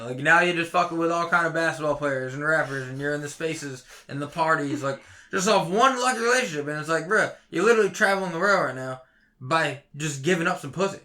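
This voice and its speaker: On a casual podcast, a young co-host rants heatedly and swears nonstop, lurching between loud outbursts and low muttering.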